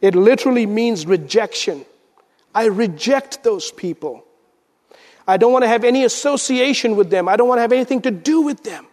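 A man preaching a sermon as pastor, swinging between loud emphasis and hushed, intense lines. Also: high-pitched, animated, normal speed. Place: church sanctuary. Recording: church sanctuary with long reverb.

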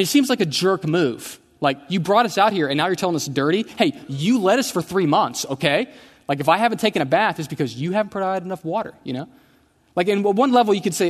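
A male pastor preaches in a casual, storytelling way, breaking in with humorous asides. His voice sits fairly high for a man. The church's long reverb hangs after each phrase. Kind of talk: sermon. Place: church sanctuary.

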